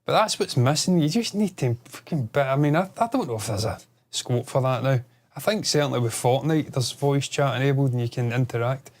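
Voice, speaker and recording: Man, podcast co-host, casual chat, excitable, swears a lot, mid pitch. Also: brisk.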